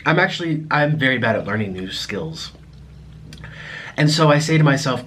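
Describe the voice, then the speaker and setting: A young American man talking casually to his viewers at home in a rambling, halting way, full of restarts. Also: mid-range voice, expressive, a bit bright, slight background noise. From United States. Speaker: mukbang vlogger. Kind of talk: casual vlog monologue to viewers.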